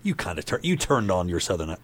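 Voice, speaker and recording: A man's voice: low voice, very animated, fast talker. A man co-hosting a radio morning show, teasing his co-host in casual banter.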